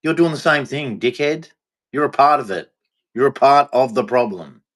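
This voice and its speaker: A man rants straight to the camera in a blunt, exasperated vlog. His voice sits at an ordinary middle pitch, and his tone is openly scornful. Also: animated, normal speed, a bit bright. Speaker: vlogger. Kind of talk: ranting commentary to camera.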